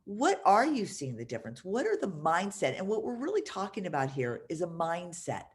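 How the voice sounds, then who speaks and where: Low-voiced woman hosting an interview. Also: big pitch swings, a little fast. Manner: enthusiastic, rambling questions. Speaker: podcast host. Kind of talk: conversational interview.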